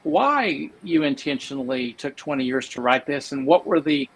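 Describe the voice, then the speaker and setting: A man's voice: medium pitch, animated, moderate pace, rough recording. A man hosting a live interview, praising his guest at length with rambling fillers. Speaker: host.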